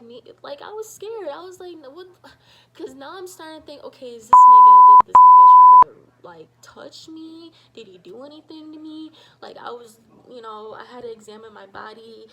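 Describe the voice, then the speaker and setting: A woman telling a personal story in a casual vlog, animated and full of fillers, acting out what people said. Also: fairly high pitch, creaky, a little hiss or hum, poor audio. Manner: animated, shouts quoted lines, many fillers. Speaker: storytime vlogger.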